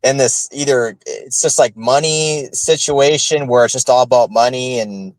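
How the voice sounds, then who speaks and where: A man co-hosting a podcast in casual chat, talking in a halting, rambling way with many fillers and restarts. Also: mid-range voice, no echo, low-quality recording. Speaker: podcast co-host.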